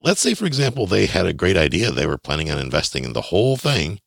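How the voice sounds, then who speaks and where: Very deep gravelly man teaching. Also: fast talker, dry recording, clean studio sound. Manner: folksy, animated, acts out dialogue. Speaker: real estate investing teacher. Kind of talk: instructional talk.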